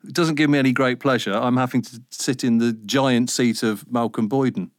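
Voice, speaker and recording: A man in his fifties chats freely as an interview guest, animated and a little sweary, slipping into voices when he tells a story. His voice sits at an ordinary pitch, recorded close and dry with no room around it. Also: moderate pace, no room sound. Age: 50s. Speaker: radio presenter guest. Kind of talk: casual interview chat.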